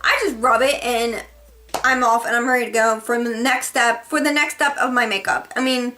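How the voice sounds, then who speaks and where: A woman's voice: a little high, fairly even intonation, moderate pace, pushed and bright. A woman beauty vlogger reviewing her favorite products in a casual, gushing, chatty way, correcting herself as she goes.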